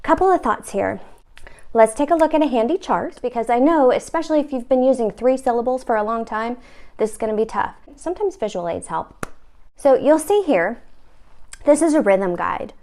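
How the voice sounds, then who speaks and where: A woman's voice: on the high side, animated, moderate pace, mellow. A woman hosting a comic instructional video about real estate, talking in a wry, mock-stern, playful way.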